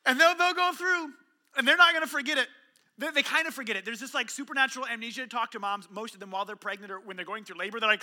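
A man in his thirties preaching a sermon, telling stories and acting out dialogue with sudden shouts and hushed lines. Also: sits high, quick pace. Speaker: pastor.

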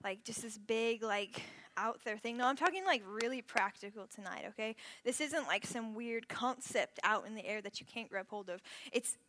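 A young adult woman preaching a youth sermon, lively and casual, shifting from loud storytelling to a hushed, earnest prayer tone. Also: on the high side, normal speed, few pauses. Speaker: youth pastor.

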